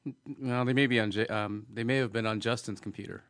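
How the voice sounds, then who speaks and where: Low-ish guy on a podcast, easygoing, dry close mic. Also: steady tone, fast, a bit bright, dry recording. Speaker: podcast co-host. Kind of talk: casual chat.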